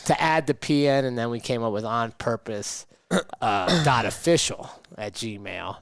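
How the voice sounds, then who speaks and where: A man's voice: medium pitch, unhurried, fairly bright tone, no room sound, studio quality. A man co-hosting a podcast, telling stories in casual chat and chuckling often. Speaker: podcast co-host.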